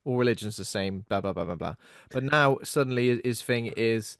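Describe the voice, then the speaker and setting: A man talking through a film with a co-host, lively and profane, slipping into mocking bits. His voice sits at an ordinary middle pitch. The sound is close and dry, with no room around it. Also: a little fast, smooth, dry recording. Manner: animated, swearing, mock impressions. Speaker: podcast co-host. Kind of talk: casual film discussion.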